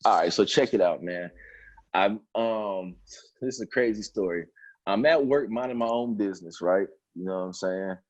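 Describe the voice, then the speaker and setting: A man's voice: fairly low pitch, moderate pace, lo-fi sound. A man, a battle rap league owner telling stories in a casual, profane interview, often saying "you know what I'm saying.".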